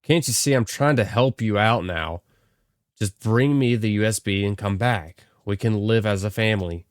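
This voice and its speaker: Brief: man doing a defensive middle-aged father in a horror game, low voice, dry sound. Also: moderate pace, no echo, close to an everyday voice. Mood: pleading. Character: guilty middle-aged father making excuses.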